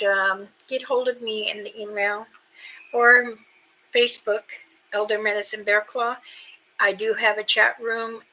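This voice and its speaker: Slow-talking older woman live-streaming. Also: mid-range voice, bright, forceful tone, slight background noise, low-quality recording. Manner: slow, unhurried talk with frequent fillers; imitates creature calls and whoops. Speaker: livestream host. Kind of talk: casual live chat with viewers.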